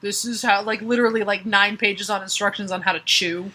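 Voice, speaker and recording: A woman's voice: medium pitch, fairly even intonation, a little fast, bright, forceful tone. A woman co-hosting a podcast, chatting casually and wryly recapping a comic plot with mock dialogue. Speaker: podcast co-host. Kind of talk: casual comedic chat.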